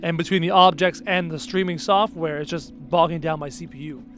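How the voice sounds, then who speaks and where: A man's voice: on the high side, fairly even intonation, a little fast, a bit bright, faint music behind. A man with a Canadian accent, streaming a game and chatting sarcastically with his viewers. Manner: chatty and sarcastic, answers chat aloud. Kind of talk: casual live-stream chat while gaming.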